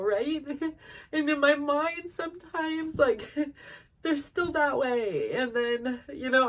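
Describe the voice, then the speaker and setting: A woman in her forties, a podcast host telling a personal story in a rambling way, full of fillers and laughing through tears at times. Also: on the high side. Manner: rambling, full of likes and you-knows.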